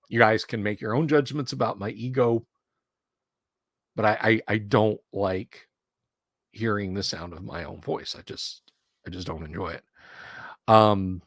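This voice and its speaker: Gravelly middle-aged man telling stories. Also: on the low side, a bit bright, no echo, studio quality. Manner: rambling anecdotal storyteller. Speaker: streamer. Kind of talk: casual chat.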